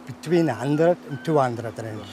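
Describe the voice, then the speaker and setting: A fisherman chatting outdoors at a harbour in plain, halting short phrases. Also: medium pitch, noisy background. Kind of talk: casual chat.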